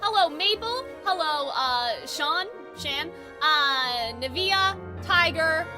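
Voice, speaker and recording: A woman's voice: sits high, animated, slow pace, music in the background. A woman hosting a casual livestream chat, a little congested and sniffly, talking in a chatty, giggly, rambling way. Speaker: YouTube host.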